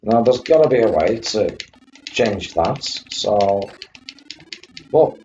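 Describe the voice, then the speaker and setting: Chatty and animated, a man with a low, darkish voice speaks slowly while streaming retro computer games. He greets chat viewers by name and struggles through a coughing fit, all captured in dull lo-fi audio with a faint hum.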